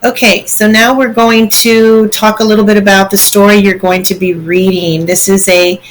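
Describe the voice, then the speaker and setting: A woman's voice: mid-range voice, flat delivery, moderate pace, rough recording. Patient woman teaching a lesson. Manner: patient, explains step by step, checks in with "okay?". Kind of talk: recorded online lesson walking through slides.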